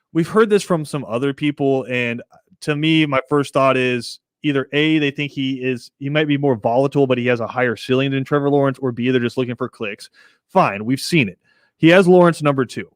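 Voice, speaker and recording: A man hosting a casual sports podcast, chatting in an animated, talkative way as he tells stories. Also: mid-range voice, normal speed, smooth, dry recording, studio quality. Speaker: podcast host.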